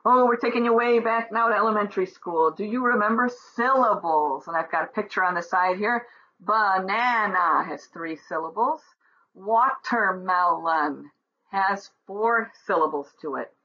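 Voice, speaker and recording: A woman's voice: medium pitch, normal speed, sharp tone, breathy edge, highs cut off. A woman teaching German from a textbook, patiently explaining each exercise step by step. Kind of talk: textbook lesson walkthrough.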